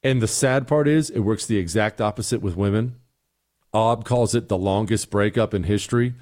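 A man's voice: lowish voice, normal speed, darkish tone. A middle-aged man hosting a talk show, giving blunt, exasperated opinions and answering listener emails.

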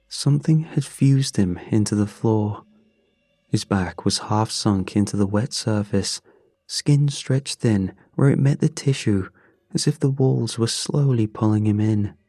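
Male horror storyteller: low-pitched, grim, measured, unhurried, dry close sound. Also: warm tone, no echo. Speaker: narrator. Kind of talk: scripted horror narration.

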